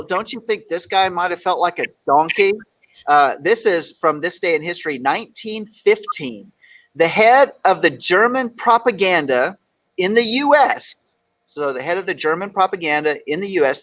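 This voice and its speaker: Man, from texas, talk show host, jokey, raised pitch, reads quotes with emphasis. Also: fairly bright tone. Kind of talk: casual talk show banter.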